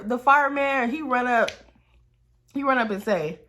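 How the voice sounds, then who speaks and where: A woman telling a storytime to her viewers in a casual, animated way, swearing and calling them y'all. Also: high voice, normal speed, vocal fry. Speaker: storytime vlogger.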